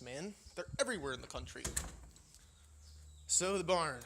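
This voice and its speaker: Out of breath and swearing, a young man from Indiana rants in a laid-back vlog walk-through of a farm. His voice sits on the high side, animated and moderately paced with long pauses, and the audio is noisy, with faint crickets and insects outside.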